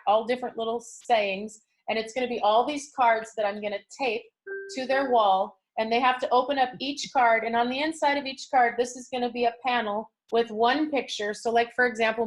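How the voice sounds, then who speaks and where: Chatty storytelling woman speaker. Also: medium pitch. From California. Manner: chatty, storytelling, acts out quotes. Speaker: motivational speaker. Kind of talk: motivational talk to a group.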